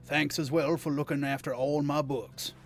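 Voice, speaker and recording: A man's voice: on the high side, steady tone, normal speed, faint music behind, lightly acted. A man voicing a stately wooden tree-man who leads a band of travellers, with formal, grand old-fashioned speech, as he reads game dialogue aloud. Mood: blustery. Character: tall wooden tree-man, stately male group leader.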